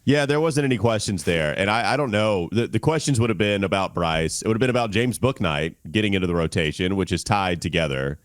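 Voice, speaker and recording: A man's voice: lowish voice, lively intonation, a little fast, few pauses, no room sound. A man hosting a sports podcast, weighing in with emphatic analysis. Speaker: podcast host. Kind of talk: casual sports chat.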